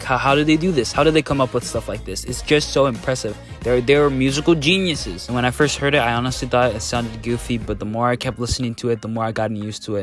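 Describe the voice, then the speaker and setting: A man giving casual reaction commentary on songs, earnest and gushing, talking straight to his viewers. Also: medium pitch. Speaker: music reaction vlogger.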